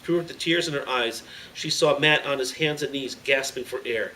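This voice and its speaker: A man reads an adventure book aloud in a dramatic storyteller's manner, his voice bright and crisp in tone. He sits a little back from the mic, and a faint hum of background noise runs under him. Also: mid-range voice, normal speed, far from the mic, rough recording. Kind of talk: reading a children's book aloud.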